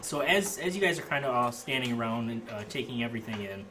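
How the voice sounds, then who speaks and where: Lively male game master. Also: mid-range voice, fast talker. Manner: casual, hesitant with fillers. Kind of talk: narrating a tabletop game. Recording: noisy home recording.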